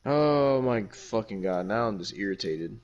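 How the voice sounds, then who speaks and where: A man's voice: on the low side, expressive, unhurried, dull audio. A man hosting a casual podcast, ranting heatedly and swearing constantly. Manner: heated, heavily profane ranting. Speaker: podcast host.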